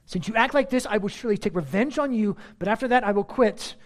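A man's voice: high-pitched, quick pace, voice pushed up, close to an everyday voice. A man reading aloud the lines of a bitter adult strongman hero, in a raised, emphatic voice. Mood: vengeful.

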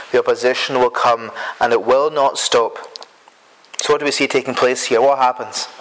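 A man's voice: medium pitch, a bit bright, low-quality recording. A man preaching an earnest sermon who often repeats himself and stumbles over words as he builds his points.

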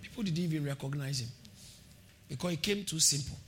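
A man preaching a sermon, shouting calls to the congregation and repeating phrases with a sing-song emphasis. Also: a little high, fairly quick, slight background noise. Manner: repeats phrases, laughs between points.

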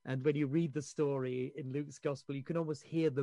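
A man with a somewhat high voice preaches in a dry, close sound. He retells the stories in a chatty way, acting out the quoted voices. He often restarts and repeats his words. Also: little pitch movement, a little fast, dark tone, no room sound. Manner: storytelling, acting out quoted voices, chuckling asides. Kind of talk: sermon.

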